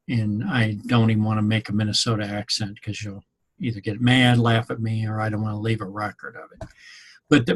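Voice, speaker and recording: A man's voice: medium pitch, breathy edge. A man giving a rambling, conversational class talk to his students. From Missouri, USA. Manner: rambling, conversational, with many ums. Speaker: instructor. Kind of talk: informal recorded class talk.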